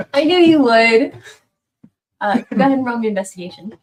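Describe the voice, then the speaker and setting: Lady gm narrating, unhurried, chatty, goes whispery for suspense, little clicks and hiss behind. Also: fairly high pitch, lively intonation, a little mellow, rough recording. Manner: chatty, laughs often, drops to a whisper for suspense. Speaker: game master. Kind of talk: narrating a tabletop game.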